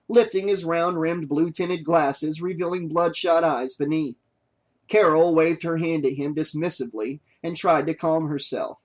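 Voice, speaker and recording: A man narrating a horror novel audiobook in a steady, even storytelling manner. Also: fairly high pitch, a little slow.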